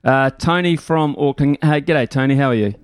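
Smooth, dry-voiced New radio host. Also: male voice, medium pitch, normal speed, no echo. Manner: relaxed, chatty, thanks callers by name. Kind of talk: sports talkback radio. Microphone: studio microphone.

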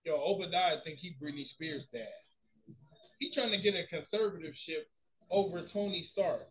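A young man hosting a casual movie review podcast, slangy and excitable, with loud bursts of hype. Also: on the high side, moderate pace. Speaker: podcast host.

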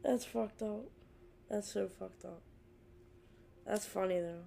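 A woman's voice: medium pitch, takes it slowly, gravelly, dark tone, slight background noise. A young woman co-hosting a casual podcast, reacting bluntly and swearing. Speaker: podcast co-host. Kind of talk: casual chat.

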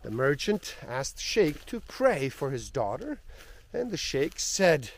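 A man telling spiritual parables and reflections at an unhurried pace. His voice sits a touch high and grows soft and low on his most solemn points. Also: very animated. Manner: slow, earnest, sometimes dropping soft. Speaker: storyteller and spiritual speaker.

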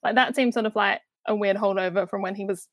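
A woman's voice: mid-range voice, fairly even intonation, fast talker, no room sound. Chatty woman, dry close sound. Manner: chatty, lots of "like" and "you know". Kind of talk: casual film discussion.

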